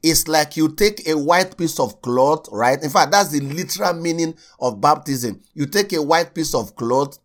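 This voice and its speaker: A man preaching a sermon, repeating key lines slowly for stress and speaking straight to his listeners. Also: a little high, expressive. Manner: addresses listeners directly as sir and uncle.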